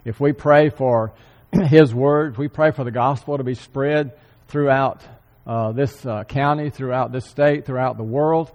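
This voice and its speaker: A man's voice: mid-range voice, fairly even intonation, unhurried, darkish tone. Earnest man preaching in a hall. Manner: earnest, repeats key phrases for emphasis; frequent throat clearing. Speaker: church speaker. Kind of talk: sermon. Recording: long hall reverb.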